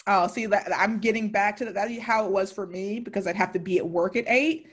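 A woman's voice: medium pitch, steady tone, fairly quick, slightly rough. A young adult woman hosting a podcast interview in a chatty, rambling way, with casual swearing. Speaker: podcast host.

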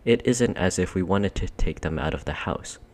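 A man's voice: deep voice, lively intonation, moderate pace, darkish tone. A man voicing a sensible, practical older girl, speaking in a lifted, reasonable way.

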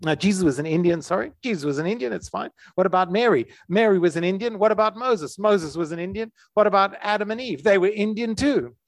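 A man's voice: sits high, fast, few pauses, dry recording, clean studio sound, pitched above the performer's own voice. A man voicing a cheerful, unbothered elderly father who breezily waves away every worry in a retold joke.

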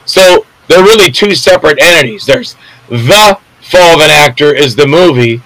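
A man's voice: a little high, lively intonation, normal speed, fairly bright tone, no room sound, poor audio. An older man, an actor, telling rambling anecdotes in a casual interview and acting out the voices of people in his stories.

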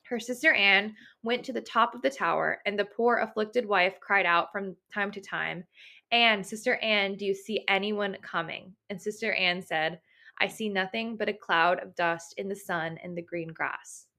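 Bright, crisp-toned woman; expressive reader and giggly co-host. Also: mid-range voice, normal speed. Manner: expressive, laughs often. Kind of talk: reading aloud and casual book chat.

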